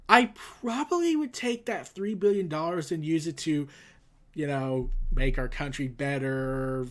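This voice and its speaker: A man hosting a casual news commentary, rambling with sarcastic asides. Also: a little high. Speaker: host.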